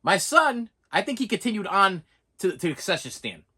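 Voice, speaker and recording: A man's voice: sits high, very animated, fairly quick, sharp tone, slightly rough. A man in his forties telling a self-mocking story in a casual vlog, stammering and often saying "listen". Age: 40s. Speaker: vlogger.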